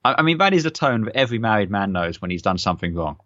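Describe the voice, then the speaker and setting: A man's voice: fairly low pitch, big pitch swings, rapid-fire, a bit bright, no echo, highs cut off. A man co-hosting a podcast, chatting casually and laughing often. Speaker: podcast co-host. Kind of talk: casual chat.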